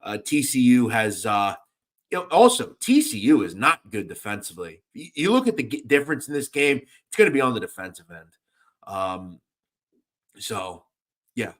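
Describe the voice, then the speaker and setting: A young man talks through basketball betting picks in a loose, animated way, riffing between games and calling out to listeners in the chat. His voice sits at an ordinary middle pitch, and his talk is casual and full of fillers. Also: moderate pace. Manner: animated, chatty, shouts out chat viewers. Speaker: sports betting radio host.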